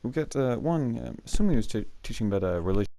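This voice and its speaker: Here the student host talks at a racing clip, animated yet mellow, in a mid-range voice with no echo. His school anecdotes to camera wander, full of fillers and chuckles, over a mic that drops out.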